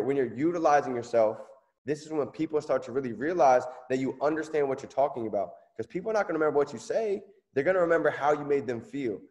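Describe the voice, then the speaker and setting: A man's voice: medium pitch, darkish tone. A man giving an emphatic motivational business training talk, checking in with his listeners as he goes. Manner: emphatic, asks "okay?" often, surges of energy. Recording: long reverb, echoey room.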